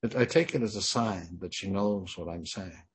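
Deep husky man in his sixties. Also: moderate pace. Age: 60s. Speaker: memoir narrator. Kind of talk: first-person memoir reading.

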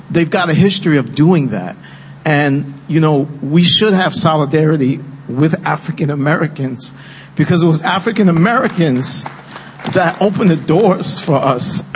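A man speaking passionately and earnestly on a film panel, getting emotional as he talks. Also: on the high side. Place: event hall with live audience. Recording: long-reverb hall with faint noise.

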